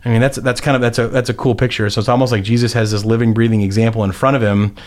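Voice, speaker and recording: A man's voice: medium pitch, little pitch movement, racing, a little mellow. A man, a pastor, talking through a Bible passage in casual conversation, often restarting sentences and acting out the characters' lines. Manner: rambling, many restarts and fillers, acts out quotes.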